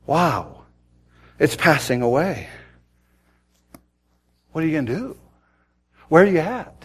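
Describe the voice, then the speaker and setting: A man preaching a sermon, telling a story dramatically and swinging from loud to hushed. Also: on the high side, sing-song, takes it slowly, husky. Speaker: pastor.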